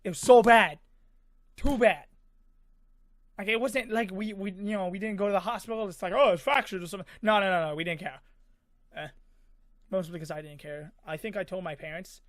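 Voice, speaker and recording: A man with a high voice tells a story in a loose, rambling way, full of fillers and small sound effects. He is recorded close and dry, with no room sound. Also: steady tone, moderate pace, pauses often, a bit bright, no echo. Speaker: vlogger. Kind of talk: casual storytelling.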